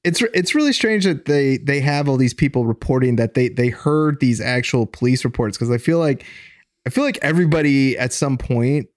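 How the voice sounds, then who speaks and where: A man hosting a podcast, recapping a story in dry, halting casual chat. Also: mid-range voice, expressive, no room sound. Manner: dry, hesitant with fillers.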